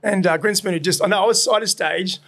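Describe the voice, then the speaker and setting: Podcast guest: middle-aged Australian man, high-pitched and gravelly, loose and animated, swears freely. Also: quick pace. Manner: animated, swearing, laughs often, acts out voices in anecdotes. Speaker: podcast guest, burger restaurant owner. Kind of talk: casual storytelling chat. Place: his burger restaurant.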